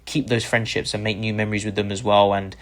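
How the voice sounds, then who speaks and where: Low-voiced and fast, a UK-born content creator relates his story in an interview with excited gratitude. Whenever he quotes someone, he acts them out in a lively voice.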